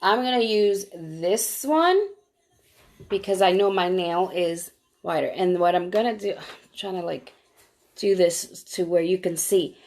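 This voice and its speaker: A woman's voice: fairly low pitch, measured pace, a little mellow. A woman selling nail polish strips, walking viewers step by step through applying them on a live stream and greeting them by name as she goes. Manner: chatty, walks viewers through each step. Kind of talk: live-stream product demo.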